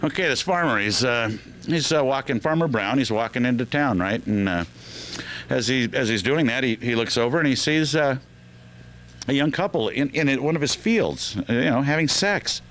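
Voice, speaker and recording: A man's voice: mid-range voice, expressive, normal speed, fairly bright tone, a little hiss or hum. A man hosting a radio show, telling joke after joke in a loose, joking way with lots of fillers. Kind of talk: telling jokes on air.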